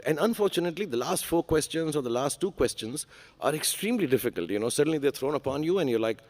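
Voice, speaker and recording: A man's voice: mid-range voice, lively intonation, fast, darkish tone. A man, a guest speaking candidly on a large conference stage, earnest and self-deprecating with frequent fillers. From India.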